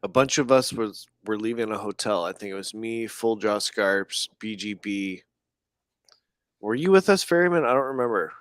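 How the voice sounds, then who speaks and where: A man telling a story on a podcast, animated and profane, laughing often. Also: lowish voice, normal speed, clear, resonant tone, no echo. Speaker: podcast guest. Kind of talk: casual storytelling chat.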